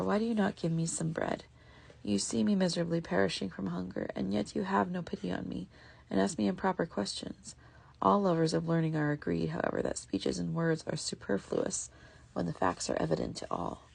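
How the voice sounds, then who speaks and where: A woman reading aloud voices a starving ragged young man who pleads slowly for food. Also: fairly low pitch, animated, gravelly, darkish tone, breathy edge, exaggerated voice. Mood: pleading. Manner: pleading, slow and drawn out.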